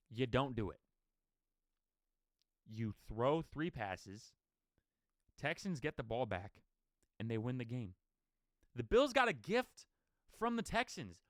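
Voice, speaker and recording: A man hosting a sports podcast, giving an opinionated, rapid-fire solo rant full of rhetorical questions. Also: medium pitch, fairly bright tone, no room sound, studio quality.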